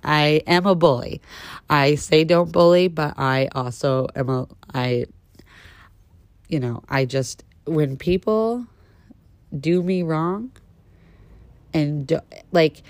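A woman in her thirties with a low voice tells a story with sass and relish, swinging into animated bursts as she calls her listeners "honey." The sound is dry and close, with no room around her. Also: no room sound. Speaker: podcast host. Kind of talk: casual storytelling monologue.

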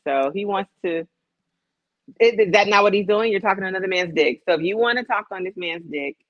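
A woman's voice: mid-range voice, a little fast, no echo, highs cut off. A woman from Chicago co-hosting a casual chat, candid and profane, laughing through her stories. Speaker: podcast co-host.

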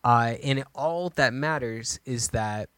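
A man's voice: mid-range voice, slow pace, a bit bright, clear, resonant tone, no echo. A man co-hosting a podcast, chatting casually and thinking aloud as he goes, with many restarts. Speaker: podcast co-host. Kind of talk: casual chat.

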